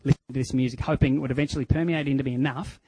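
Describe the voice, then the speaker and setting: An Australian man delivers a personal testimony as a sermon, earnest and frank, sometimes stumbling over his words. His voice sits at an ordinary middle pitch. The sound is dry, with no room echo. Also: fairly even intonation, racing, dark tone, breathy edge. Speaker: preacher sharing personal testimony.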